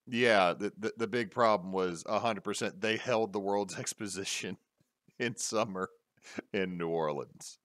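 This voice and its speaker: A man hosting a casual podcast, rambling with many fillers and pauses. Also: lowish voice, fairly bright tone, no echo, clean studio sound. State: hiccups. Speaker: podcast host.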